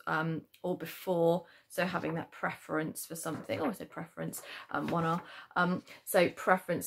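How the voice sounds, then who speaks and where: A woman teaching a spelling lesson to children with a British accent, patiently explaining and checking in with "okay?", slowing down to stress syllables. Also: deep voice, gravelly. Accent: British English. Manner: stresses syllables slowly to demonstrate. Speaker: primary school teacher.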